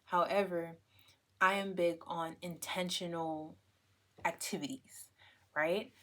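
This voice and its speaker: Lower-pitched woman chatting on a podcast. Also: fairly even intonation, takes it slowly, a bit bright. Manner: conversational, emphatic, often asks "right?" and "okay?". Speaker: podcast host. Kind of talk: casual solo podcast talk.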